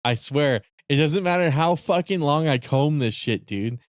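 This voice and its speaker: A man's voice: on the high side, expressive, normal speed, no echo, clean studio sound. A man streaming a video game in casual commentary, joking, swearing a lot and laughing often. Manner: profane, joking, frequent laughter. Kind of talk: casual gaming livestream commentary.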